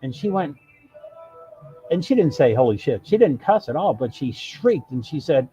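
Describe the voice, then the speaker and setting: A little high and mellow, his voice swings widely in pitch at a moderate pace over dull audio and soft background music. He rambles through a long live-stream story, cutting himself off mid-sentence and acting out what others said.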